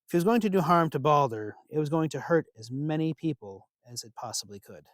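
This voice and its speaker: A man narrating a myth as a storyteller, expressive and unhurried. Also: on the high side, no echo, studio quality.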